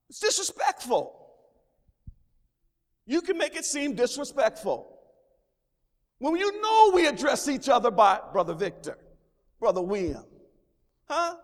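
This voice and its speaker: A man preaching a sermon as pastor, with exclamations of praise and repeated phrases. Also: high voice. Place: church sanctuary. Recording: long reverb of a large hall.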